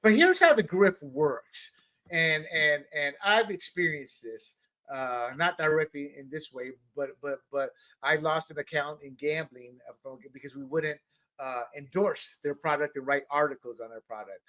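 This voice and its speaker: A middle-aged man co-hosting a political talk show, animated and often repeating words as he builds a point. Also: on the high side, normal speed. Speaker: podcast co-host. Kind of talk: political commentary chat.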